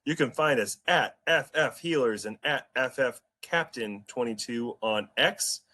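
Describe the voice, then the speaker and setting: A man with a middle-pitched voice hosts a casual sports podcast. His delivery is relaxed and easygoing, full of jokes and friendly banter. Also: measured pace. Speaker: podcast host.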